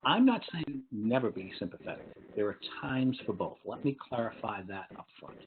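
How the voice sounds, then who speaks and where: A man's voice: medium pitch, big pitch swings, normal speed, a little hiss or hum. A man presenting a webinar lecture for teachers and parents, explaining step by step and often checking in with "okay?". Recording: tinny phone-like online webinar audio.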